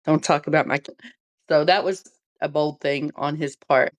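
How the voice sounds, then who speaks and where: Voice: medium pitch, steady tone, moderate pace. A podcast co-host in casual chat who rambles and restarts thoughts on the way to a point.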